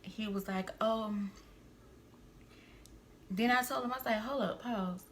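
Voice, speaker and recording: A young woman vlogger and single mother, venting a family story to her viewers in a heated, animated way with frequent asides. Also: fairly high pitch, unhurried, a little hiss or hum. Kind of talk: storytime vlog, venting to camera.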